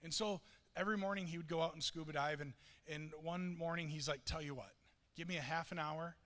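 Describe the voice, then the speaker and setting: A man's voice: fairly high pitch, fairly even intonation, brisk, fairly bright tone. A man preaching a sermon, telling a story earnestly with frequent restarts. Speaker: pastor. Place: church sanctuary. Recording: long reverb of a church hall.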